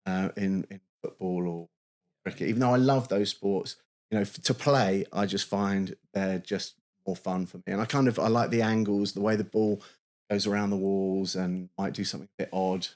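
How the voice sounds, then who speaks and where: Man, fairly low voice, rambling, enthusiastic, repeats words, podcast co-host. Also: steady tone, normal speed, darkish tone. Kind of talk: casual chat.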